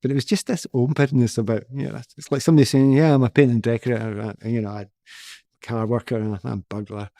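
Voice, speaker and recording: A man's voice: mid-range voice, quick pace, no echo. A middle-aged man, a former footballer, telling anecdotes in an interview and laughing often as he goes. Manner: laughs often, animated storyteller.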